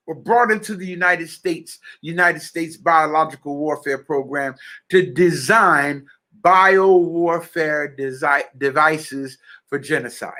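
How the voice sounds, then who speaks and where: A man with a high, bright voice delivers an impassioned spiritual message in a fervent, preacher-like style. Speaking slowly, he addresses listeners directly, checks that they follow, and repeats key phrases for emphasis.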